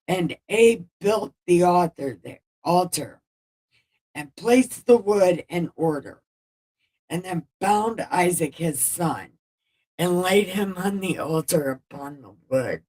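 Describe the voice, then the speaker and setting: Irreverent woman host paraphrasing scripture, slow and low, a bit off-mic. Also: lively intonation, mellow, husky, recorded from a distance, poor audio. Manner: irreverent, swears, loose paraphrase. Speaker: Bible-reading video host. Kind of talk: casual Bible retelling with commentary.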